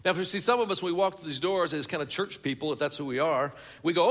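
A man's voice: fairly high pitch, fast talker, a bit bright. A man preaching a sermon in a church hall, telling a story and building it with rhetorical questions. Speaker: pastor.

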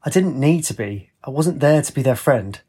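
A man reading aloud, voicing a weary, emotionally drained young man in a husky voice. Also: mid-range voice, animated, normal speed, warm tone.

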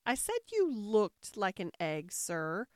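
A woman voicing a polite, gentle and curious young girl in a storybook reading, speaking with mild doubt. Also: medium pitch, wildly swooping pitch, slow pace, no room sound, studio quality. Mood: musing.

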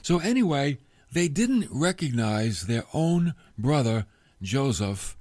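A male preacher tells a story in an unhurried, deliberate sermon. His pitch rises and falls a great deal as he dramatizes each moment. The sound is close and dry, with no room around it. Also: no room sound. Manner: storytelling, expressive, drops to soft emotional tones. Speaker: pastor.

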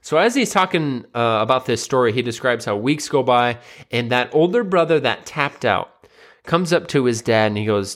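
A man's voice: medium pitch, normal speed, fairly bright tone. A young adult man hosting a solo podcast, casually retelling a story with lots of uh and you know fillers. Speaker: podcast host.

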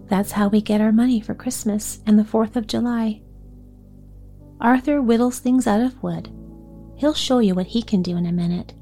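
A woman's voice: medium pitch, dark tone, close to an everyday voice. A woman voicing a cheerful young boy who explains things in a matter-of-fact, businesslike way.

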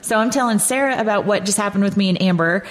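A woman's voice: medium pitch, fast, slight background noise. A woman, telling stories eagerly and giggling in casual podcast chat. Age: 40s. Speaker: podcast co-host. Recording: long reverb.

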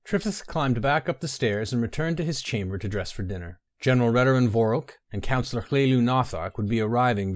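A man narrating a fantasy story in a measured, even storytelling manner. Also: on the low side, no echo, clean studio sound.

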